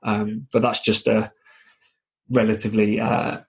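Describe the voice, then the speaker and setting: A man's voice: fairly low pitch, level tone, a little slow, gravelly, husky. A man hosting a podcast interview, chatting casually and hedging with many fillers. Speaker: podcast host.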